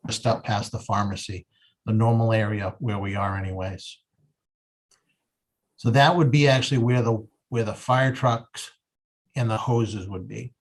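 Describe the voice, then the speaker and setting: A man, a fire chief, explaining a safety plan at a public town meeting in an earnest, halting way with many pauses. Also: lowish voice, steady tone.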